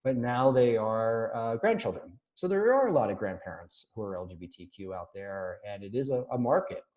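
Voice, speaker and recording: A man's voice: on the low side, lively intonation, moderate pace, a little mellow, lo-fi sound. A man presenting survey research in a webinar, speaking conversationally with many ums and restarts.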